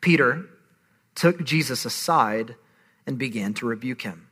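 A man's voice: mid-range voice, expressive, a little slow, fairly bright tone, slightly rough. A man in his thirties preaching a sermon, conversational and emphatic. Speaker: pastor.

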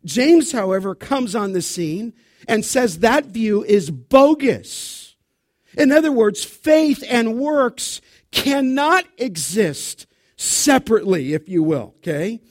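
Male pastor mid-sermon, high voice, intense and direct with his congregation, dry close sound. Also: very animated, slow, dry recording. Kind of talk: expository sermon. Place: church sanctuary.

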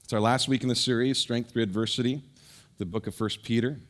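Preaching a sermon, this middle-aged pastor speaks in a mid-range voice at a slightly fast clip. His personal anecdote comes out animated, full of fillers and restarts.

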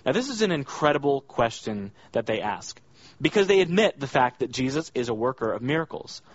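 A man's voice: sing-song, brisk, no echo. A man preaching an expository sermon, earnest and emphatic, reading scripture aloud and stressing key words. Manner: earnest, emphatic, rises high when voicing the villagers' questions. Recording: dull dry lo-fi sound.

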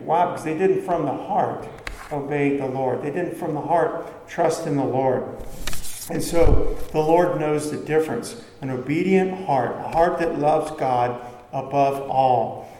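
A man's voice: on the high side, unhurried, dark tone, a little hiss or hum. A man preaching a sermon in a conversational way, asking the listeners questions and answering them himself. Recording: echoey hall with faint background ambience.

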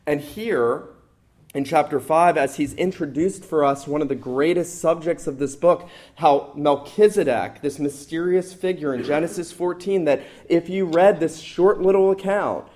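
A man's voice: a little high, a little mellow. A middle-aged man preaching as a pastor, reading scripture and then expounding it with earnest emphasis on key phrases. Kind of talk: sermon.

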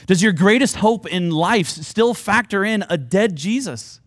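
A man's voice: high-pitched, expressive, a little slow, hardly any pauses, dry recording, studio quality. A man preaching a sermon, earnest and at times rising to fervent, pleading appeals. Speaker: pastor.

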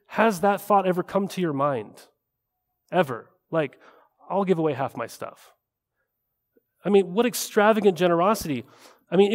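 A male pastor delivers a sermon in a casual, conversational manner, often checking in with rhetorical "right?" asides. His voice sits a little higher than most men's. A long reverb from the church hall trails behind every phrase.

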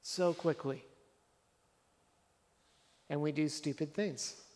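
A man's voice: fairly high pitch, fairly even intonation, takes it slowly, darkish tone, in a large hall. A man preaching a sermon as a pastor, conversational and earnest, driving points home with repeated phrases.

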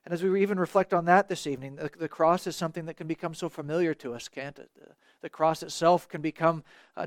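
A man's voice: on the high side, no echo. Earnest male preacher, dry sound. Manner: earnest, rhetorical questions, occasional restarts. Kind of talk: sermon.

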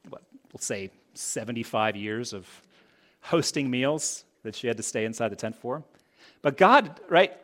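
A man's voice: on the high side, fairly bright tone. A man preaching a sermon to a congregation, asking the listeners rhetorical questions. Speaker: pastor.

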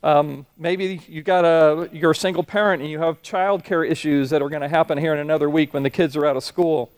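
A man's voice: on the high side, fairly quick, clean tone, no room sound. A middle-aged man preaching a sermon in a conversational, self-deprecating way, telling jokes and stories. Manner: conversational, self-deprecating, animated storytelling voices. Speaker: pastor. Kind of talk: sermon with humorous anecdotes.

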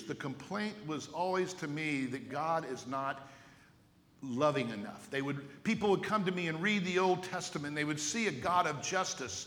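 A man's voice: high voice, a bit bright. A male pastor preaching a sermon emphatically, with rhetorical questions and repeated words. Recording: echoey hall with long reverb.

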